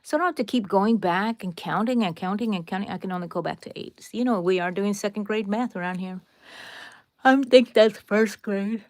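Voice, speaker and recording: A woman's voice: medium pitch, fast, few pauses, a little mellow, dry recording. A woman with a Texan accent hosting a live crochet tutorial, chatting casually and directly with her viewers with rambling asides. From Texas, USA. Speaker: crochet livestream host.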